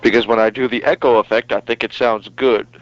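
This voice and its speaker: A man putting on a deep, pronounced announcer voice on a podcast. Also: steady tone, fairly quick. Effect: echo effect. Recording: muffled lo-fi audio.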